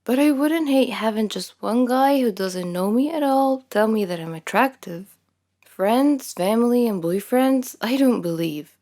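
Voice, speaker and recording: Young woman reading her own story, kinda high voice, warm and soft, frank and self-mocking. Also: lively intonation, unhurried. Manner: candid, self-deprecating storytelling. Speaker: storyteller narrator. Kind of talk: scripted first-person story narration.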